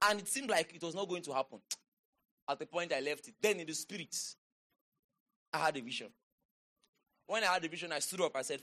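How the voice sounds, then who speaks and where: A man's voice: fairly high pitch, fairly quick, long pauses, a bit bright. A man preaching a sermon, reading scripture aloud and breaking off into emphatic exclamations and call-and-response with the congregation. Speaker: pastor.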